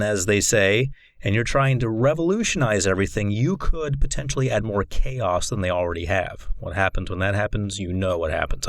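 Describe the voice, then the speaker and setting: A man giving a recorded course lecture on coaching, in a measured, instructive way. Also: lowish voice, no echo. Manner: measured, instructive, deliberate delivery.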